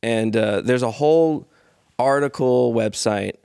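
A chatty man hosting a laid-back podcast, rambling along with lots of fillers as he works his way to the point. His voice sits at an average pitch and sounds dry and close to the mic. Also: unhurried, creaky, darkish tone, clean tone, dry recording. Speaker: podcast host. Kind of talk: casual chat.

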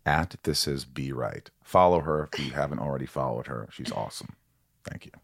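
Deep-voiced, teasing male podcast host. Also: a little fast, vocal fry, husky, no room sound, clean studio sound. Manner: playful, teasing, pushy. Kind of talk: casual interview chat.

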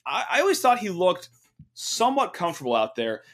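A man's voice: sits high, fairly quick. A young man hosting a sports podcast, talking casually with energy and plenty of fillers. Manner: energetic, chatty, lots of fillers. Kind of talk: casual podcast talk with ad read.

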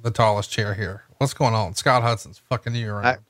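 A man's voice: on the low side, steady tone, fairly quick, fairly bright tone, dry recording. A man cohosting a podcast, chatting casually and teasing his partner with wisecracks. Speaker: podcast co-host. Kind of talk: casual chat.

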